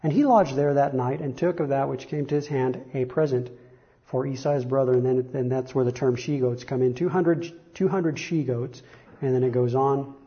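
A man's voice: mid-range voice, normal speed, dull audio. A man preaching a sermon, reading Bible verses aloud with rising emphasis and frequent self-correcting repetitions.

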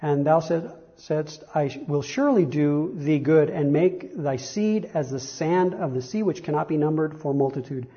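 A man's voice: a little high, moderate pace, hardly any pauses, lo-fi sound. A man preaching a sermon, reading Bible verses aloud with rising emphasis and frequent self-correcting repetitions.

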